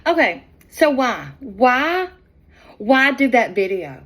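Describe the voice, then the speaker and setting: A middle-aged woman talks through video clips in an unhurried, drawn-out way, sounding exasperated as she questions what she has just shown. Her voice sits fairly high, and she lets her words stretch out slowly. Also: big pitch swings, a bit bright. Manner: slow, drawn-out, chatty and exasperated. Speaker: commentary channel host. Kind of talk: casual commentary on video clips.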